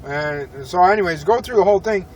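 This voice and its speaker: A man's voice: high-pitched, brisk, far from the mic, slight background noise. A man telling a profane, rambling story in an irritated tone, talking from a parked car. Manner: irritated, swearing, rambling with restarts. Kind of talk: profane ranting story vlog.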